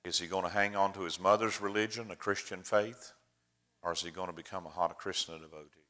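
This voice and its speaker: A man's voice: low-pitched, fairly even intonation, fairly quick, bright, forceful tone. An older man, a preacher giving a chatty, folksy slideshow talk to his congregation. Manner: folksy, chatty storyteller addressing the room.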